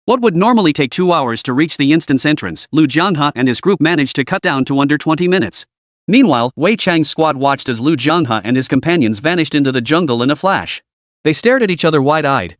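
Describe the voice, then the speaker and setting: A man narrating a game fantasy story in an even scripted storytelling manner, voicing the quotes only lightly. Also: a little high, no echo, studio quality.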